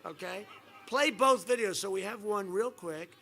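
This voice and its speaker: A man in his seventies giving a campaign rally speech, boastful and repetitive, swinging from quiet asides to loud attacks. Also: high voice, normal speed, vocal fry. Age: 70s. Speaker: rally speaker. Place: outdoor rally stage. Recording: faint background noise at an outdoor rally.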